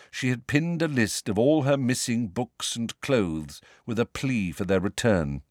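A man narrating a novel as an audiobook, with expressive, varied storytelling. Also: lowish voice, dry recording, clean studio sound.

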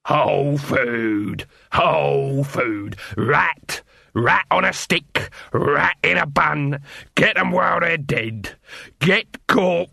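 A man voicing a shifty middle-aged street food hawker with drawn-out, wheedling sales patter. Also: medium pitch, gravelly, pushed and bright, dry recording, studio quality, exaggerated voice. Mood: hawking loudly.

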